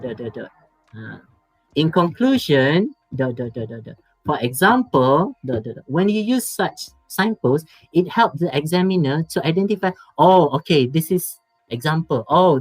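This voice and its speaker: A man with a Malaysian English accent, teaching an exam preparation lecture, emphatic and repetitive, trailing off into soft asides. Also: a little high, dry recording, low-quality recording. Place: online workshop.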